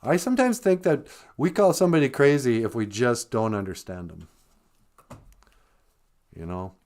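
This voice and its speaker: A man's voice: mid-range voice, expressive, normal speed, darkish tone. A man hosting a casual podcast, musing aloud and repeating words so listeners can learn them. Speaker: podcast host. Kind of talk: casual podcast chat teaching language words.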